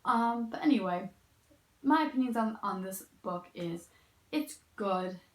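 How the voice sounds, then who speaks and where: A woman's voice: mid-range voice, animated, unhurried. A young woman reviewing a book in a casual, rambling and opinionated way, heavy on "like" and "um", sounding tired as she sits in a chair indoors. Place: indoor room, sitting in a chair. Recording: echoey room.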